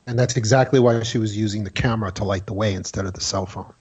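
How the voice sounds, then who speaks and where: A man who is a former FBI agent, speaking as a radio guest in a measured way, hedging with fillers. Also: fairly low pitch, steady tone, darkish tone, muffled recording. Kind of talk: casual interview talk.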